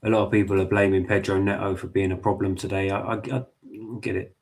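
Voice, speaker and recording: A man's voice: deep voice, fast talker. A man watching a football match live with his viewers, talking to the players and the referee and swearing often. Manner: excitable, swears a lot, talks to the players and ref. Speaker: football fan streamer.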